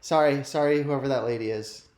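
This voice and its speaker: A man's voice: mid-range voice, a little fast, darkish tone. A man hosting a live youth ministry show, chatting casually and self-deprecatingly straight to viewers. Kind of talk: casual live-stream chat. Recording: roomy echo.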